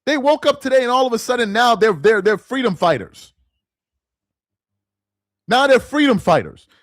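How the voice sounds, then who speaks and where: Here a man with a very high, slightly bright voice and big pitch swings talks at normal speed, recorded dry. As host of a sports commentary channel, he rants exasperatedly to the camera and leans on repeated phrases for emphasis.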